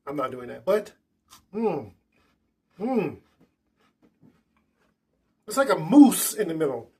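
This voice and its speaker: A man's voice: a little high, big pitch swings, slow pace, mellow, slightly rough. A man hosting a casual snack tasting vlog indoors at a table, chatty and enthusiastic with loose restarts. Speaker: food vlogger.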